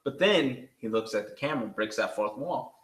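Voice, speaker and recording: Profane, excitable man with a slight Southern twang. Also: mid-range voice, moderate pace. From Oklahoma. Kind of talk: casual chat. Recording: echoey room.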